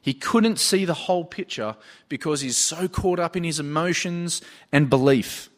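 Male preacher, slightly raised pitch, earnest storytelling sermon delivery. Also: normal speed. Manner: earnest, storytelling with retold dialogue.

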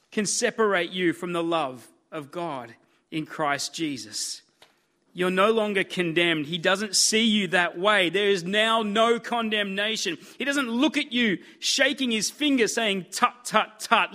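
A man's voice: high voice, sharp tone. A man preaching a sermon in an earnest, emphatic way, building his points through repetition.

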